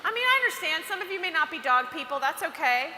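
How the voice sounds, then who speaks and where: A woman speaks to teenage girls at an event in a high, sharply bright voice. She is chatty and animated and acts out what girls say to each other. The sound is roomy, with a long hall reverb and faint ambience behind her. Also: fast, slight background noise. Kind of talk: motivational talk to teen girls.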